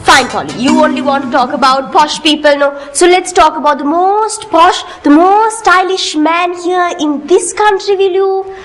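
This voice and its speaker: A woman's voice: very high-pitched, normal speed, faint music behind. A woman with a Sri Lankan English accent in scripted comic banter, teasing and wry. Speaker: comedy sketch co-host.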